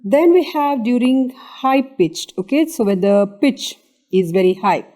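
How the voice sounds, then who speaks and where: Indian lady doing an anatomy revision lecture, soft dark tone, lots of "okay"s. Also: a little high, animated, unhurried. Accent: Indian English. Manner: explains step by step, often checking with "okay".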